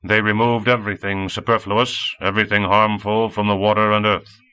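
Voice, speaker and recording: A deep, droning android robot from an older world, as a male narrator puts it on. He answers in a flat, literal monotone, and his tone stays crisp and bright. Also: moderate pace.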